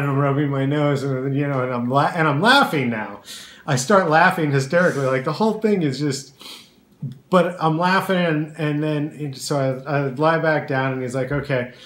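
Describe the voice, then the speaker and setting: A man vlogging casually, telling an animated story and laughing often as he talks. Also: medium pitch, normal speed. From California. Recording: echoey room with faint background noise.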